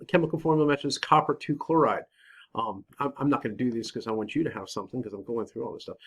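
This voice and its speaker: A man teaching chemistry students, casually talking through a screen-recorded website walkthrough and muttering to himself as he clicks. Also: medium pitch. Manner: casual, self-deprecating, talks to himself while clicking.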